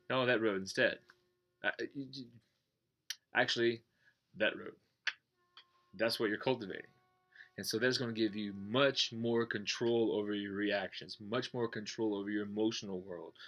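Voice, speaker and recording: A man teaching meditation in a casual, blunt way, swearing and joking, and going soft and slow when he guides the breathing. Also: lowish voice, dull audio. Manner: slows and softens when guiding breathing. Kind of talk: casual explanatory talk.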